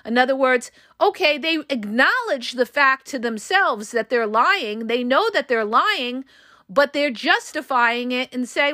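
A woman's voice: high voice, animated, a little slow, pushed and bright, no echo, studio quality. A woman hosting a podcast and coaching listeners, talking in a casual, emphatic monologue that repeats points and speaks straight to the audience. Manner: emphatic, repetitive, addresses listeners directly.

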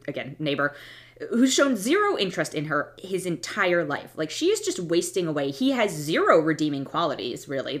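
In a casual film review monologue, a woman gives blunt, opinionated takes in a voice on the low side with a fairly bright tone. She often starts over or lets her thoughts trail off.

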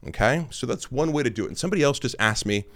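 A man's voice: mid-range voice, lively intonation, rapid-fire, fairly bright tone. A young man talking casually and at length about workouts and fitness, rambling with many fillers. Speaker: fitness podcast host answering listener questions. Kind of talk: casual monologue.

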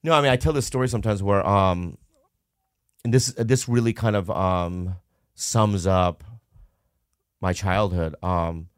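A man's voice: deep voice, a little slow, pauses often, clean tone, no room sound, clean studio sound. A man from Minnesota in casual conversation, candidly telling a rambling personal story with lots of fillers.

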